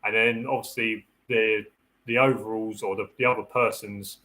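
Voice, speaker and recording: A man's voice: on the low side, flat delivery, normal speed, bright, forceful tone, low-quality recording. Chatty man giving dog-training tips. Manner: practical and chatty, repeats and restarts phrases; acts out the dog's thoughts in a raised voice. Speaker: security dog handler hosting a live Q&A. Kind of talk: casual live-stream advice talk.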